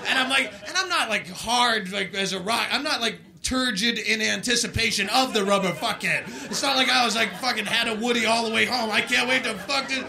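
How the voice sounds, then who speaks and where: A man performing a live stand-up set, telling crude stories in a rant and shouting his punchlines from a club stage. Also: extremely high pitch, a little fast, creaky, hardly any pauses, crowd noise. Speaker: stand-up comedian. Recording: live club set with loud audience laughter.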